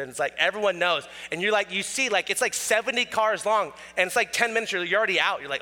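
A man preaching a sermon, telling everyday stories in an animated way and acting out the voices of ordinary people. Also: sits high, fast talker, hardly any pauses. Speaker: pastor. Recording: roomy hall with long reverb.

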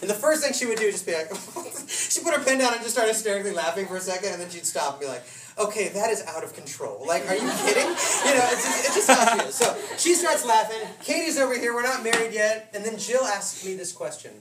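A man's voice: sits high, expressive, quick pace, hardly any pauses. A man preaching a casual sermon, telling stories with laughs and voiced asides. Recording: roomy hall from a distant mic with noise.

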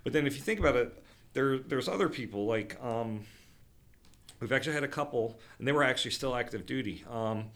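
A man's voice: medium pitch, a little fast, fairly bright tone. A middle-aged man chatting casually about outdoor trips, rambling with fillers and restarts. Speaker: outdoor program leader, veteran. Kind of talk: casual podcast chat.

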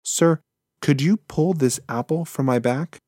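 A man's voice: fairly high pitch, measured pace, dark tone, no echo, studio quality, pitched above the performer's own voice, close to an everyday voice. A man voicing a small, anxious young male mouse who speaks eagerly and politely. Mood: pleading. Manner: eager, pleading.

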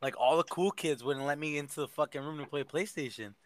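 A man's voice: on the high side, fairly quick, no echo. A young man co-hosting a podcast, telling slangy, boastful stories in casual chat. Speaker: podcast co-host.

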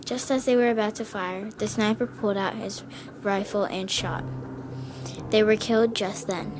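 A woman's voice: medium pitch, fairly even intonation, normal speed, background noise. A young woman reading a war story aloud, giving the dialogue slight voice changes. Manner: reads dialogue with small voice changes. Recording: music clearly heard behind.

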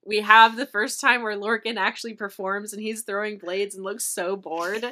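A woman's voice: medium pitch, fairly even intonation, normal speed, sharp tone. A woman co-hosting a book podcast, retelling scenes casually and animatedly with lots of fillers. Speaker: podcast co-host.

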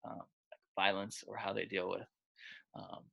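A quarterback coach tells stories in a casual interview, his low, flat voice creaky and husky and moving a little slowly. He's loose and chatty, piles on filler words, and acts out the lines he quotes. The recording sounds muffled.

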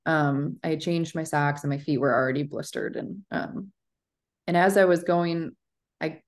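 A woman in her thirties, co-hosting a podcast, telling an animated story in casual chat with plenty of fillers. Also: sits low, normal speed. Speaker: podcast co-host.

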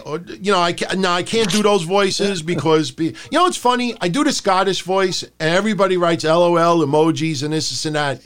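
A man's voice: sits high, lively intonation, brisk, a bit bright. A man co-hosting a podcast, chatting casually about wrestling and mocking promos in put-on voices. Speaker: podcast co-host.

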